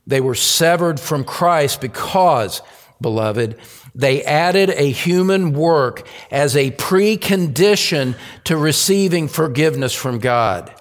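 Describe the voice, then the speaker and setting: Slow, deliberate male preacher. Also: a little high, big-room sound. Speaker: pastor. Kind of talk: sermon.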